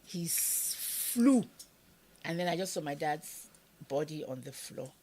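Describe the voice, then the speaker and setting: A middle-aged Nigerian woman with a Nigerian accent, telling a personal story as an interview guest, animated and acting out voices, sometimes dropping to a whisper. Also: sits low, unhurried, slight background noise. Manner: animated, acts out quoted voices, drops to whispers.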